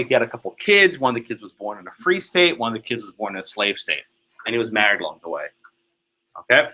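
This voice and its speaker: A law professor runs a Socratic lecture in a classroom, calling on students by name and ending points with "right?" and "okay?". His voice is medium-pitched, pushed and bright, and the audio is poor.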